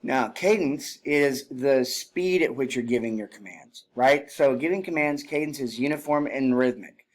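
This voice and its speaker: A man giving a spoken lesson on military drill, explaining plainly and breaking into loud shouted commands and counts when he demonstrates. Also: medium pitch, moderate pace, hardly any pauses. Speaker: drill instructor.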